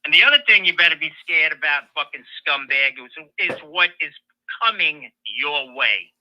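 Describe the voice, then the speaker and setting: A man's voice: a little high, lively intonation, moderate pace. A man calling in on a phone line, making profane, abusive threats.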